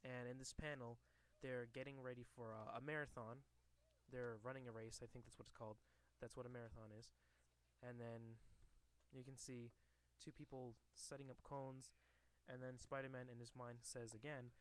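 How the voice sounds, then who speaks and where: A man's voice: medium pitch, flat delivery, moderate pace. A man casually reading a comic book aloud to a camera, hesitant with many fillers and restarts.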